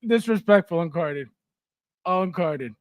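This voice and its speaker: A livestream host with a high, animated voice speaks slowly over a faint hiss or hum. He reads viewer comments aloud in a casual stream, laughing often and repeating words for comic effect.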